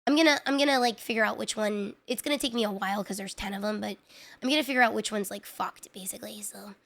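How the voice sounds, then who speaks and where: Speaking quickly at a medium pitch, a woman with a creaky, slightly bright voice chats loosely with her stream audience. She rambles through lots of filler words, mocks herself, and sounds frustrated.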